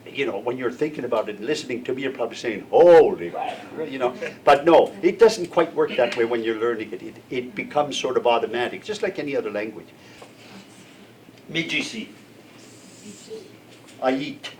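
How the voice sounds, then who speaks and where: A man's voice: medium pitch, normal speed, pauses often. Older man teaching, heard from a distance. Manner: patient, checks in with listeners. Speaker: language teacher. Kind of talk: classroom language lesson. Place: classroom with students. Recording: distant mic, faint room noise.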